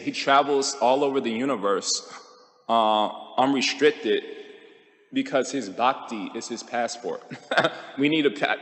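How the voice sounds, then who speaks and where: A man teaches scripture in a relaxed, storytelling way, dropping quick jokes and playful impressions. His voice sits at an ordinary middle pitch. The sound carries a long reverb, as from a big temple hall. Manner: conversational, joking, quick mock impressions. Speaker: temple speaker. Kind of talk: scripture class.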